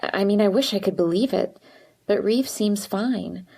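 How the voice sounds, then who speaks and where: A woman voicing a nervous, withdrawn teenage girl who speaks in a quiet, hesitant way. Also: mid-range voice, measured pace, vocal fry, breathy edge.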